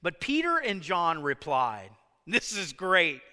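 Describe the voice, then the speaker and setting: A man preaching a sermon, emphatic, swinging between loud stresses and hushed lines. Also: a little high, huge pitch swings, slow pace. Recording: long hall reverb.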